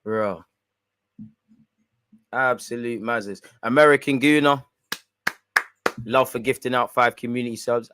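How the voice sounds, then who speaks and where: A man hosting a live football watch-along, reacting excitably and chatting with viewers in slang. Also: mid-range voice, measured pace, pauses often, clear, resonant tone.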